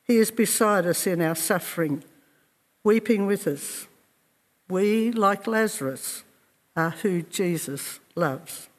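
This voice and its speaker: A man preaching a sermon in a slow, earnest and reflective way, with measured pauses. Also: sits high, long reverb tail.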